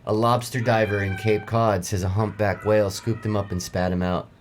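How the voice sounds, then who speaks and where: A man's voice: on the low side, little pitch movement, normal speed, a little hiss or hum. A man co-hosting a podcast, reading odd news in a casual, profane, joking way. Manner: profane, laid-back joking. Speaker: podcast co-host. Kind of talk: casual chat.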